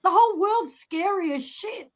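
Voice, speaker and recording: A woman calling into a livestream sounds tearful and upset. Her voice is high, and she talks bluntly with lots of cursing. Her talk is casual and emotional. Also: lively intonation, moderate pace, rough recording. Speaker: call-in guest.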